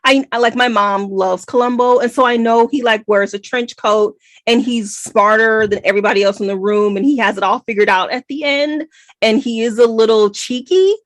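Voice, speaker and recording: An American woman co-hosting a book podcast, talking in a chatty, animated, digressive way. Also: fairly high pitch, moderate pace, no echo. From United States. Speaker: podcast co-host. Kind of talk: casual book review chat.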